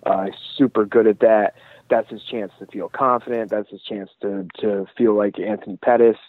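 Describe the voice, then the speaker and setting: A man's voice: fairly low pitch, fairly even intonation, moderate pace, no echo. A laid-back man talks through his betting picks in a loose, conversational podcast chat, swearing now and then. His voice comes through a thin, phone-like line with a dry, close sound and no room around it. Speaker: podcast co-host. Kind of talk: casual fight-betting chat.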